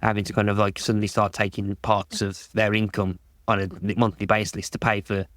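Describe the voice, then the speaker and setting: A man's voice: lowish voice, little pitch movement, brisk, a bit bright, no echo, studio quality. A man talking casually on a podcast, rambling and restarting his sentences with lots of "like". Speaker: podcast guest.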